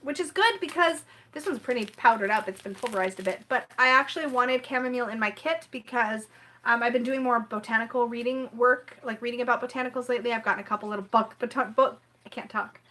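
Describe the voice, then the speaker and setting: Rambling woman live-streaming, fairly high voice. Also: fast, bright, forceful tone. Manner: rambling and apologetic, keeps clearing her throat; chats with viewers in the live chat. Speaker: tarot reader hosting a live stream. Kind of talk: casual live-stream chat.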